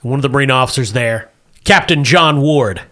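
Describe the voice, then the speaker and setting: Bright-voiced male game master. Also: mid-range voice, a little fast. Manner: deadpan scene-setting with frequent laughter. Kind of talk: narrating a comedic tabletop game.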